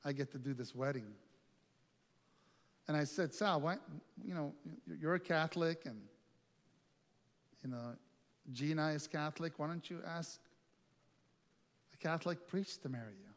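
A middle-aged male pastor telling a lively personal story in a sermon, acting out the other voices in it. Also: fairly high pitch, unhurried, pauses often. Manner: animated storytelling with quoted voices. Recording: long reverb, faint music.

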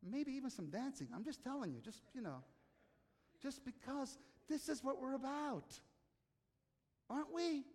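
A man's voice: very high-pitched, lively intonation, normal speed, pauses often, darkish tone. A man preaching a sermon in a conversational way, asking the audience questions and acting out quotes. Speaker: pastor. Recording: long hall reverb.

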